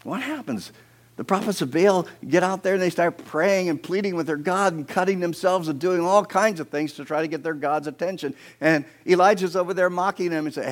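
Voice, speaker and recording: A man's voice: sits high, a little fast. A man preaching a sermon outdoors, telling scripture stories dramatically and acting out quoted speakers, with playful asides. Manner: dramatic storytelling, acting out quoted speakers with big swings in loudness. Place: outdoors near a creek.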